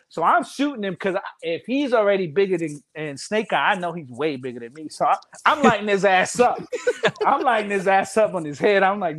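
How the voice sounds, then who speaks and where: Animated man telling game stories. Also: sits high, moderate pace. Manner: animated, loud, laughing, profane. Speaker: podcast guest telling stories. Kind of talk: casual storytelling chat.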